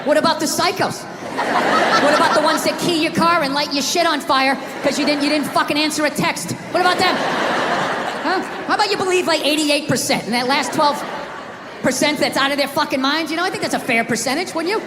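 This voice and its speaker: A man's voice: extremely high pitch, brisk, very noisy. Ranting profane man on a big stage. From US East Coast. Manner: ranting, profane, shouts punchlines. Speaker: stand-up comedian. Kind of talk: stand-up comedy routine. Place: large theater stage before a live audience. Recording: live hall recording with crowd laughter.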